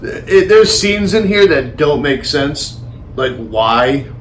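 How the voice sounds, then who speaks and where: A man co-hosting a casual movie review chat, talking in a rambling, animated way with some swearing. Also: on the high side, slow pace, slight background noise. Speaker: podcast co-host.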